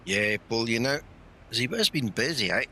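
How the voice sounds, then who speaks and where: A man's voice: medium pitch, lively intonation, moderate pace, sharp tone, slight background noise. A man casually chatting to viewers on a flight sim live stream, rambling with fillers and sounding tired late at night. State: tired, yawning.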